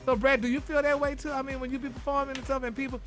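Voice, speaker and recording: Sassy high-voiced man on celebrity news. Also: little pitch movement, racing, fairly bright tone, faint music behind. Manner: sassy, peppers talk with honey and baby. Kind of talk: gossip news segment.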